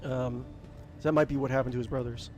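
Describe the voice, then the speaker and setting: A man's voice: medium pitch, steady tone, fast talker, darkish tone, soft background music. A man playing a role-playing game, chatting casually and hesitantly between reading dialogue aloud. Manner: casual, hesitant, lots of ums. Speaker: gaming video creator.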